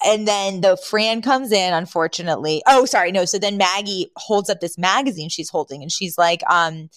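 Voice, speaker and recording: Woman host, casual recap chat, lively and laughing, dry close sound. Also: on the low side, moderate pace, dry recording. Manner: animated, laughs often, acts out quotes. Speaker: podcast host.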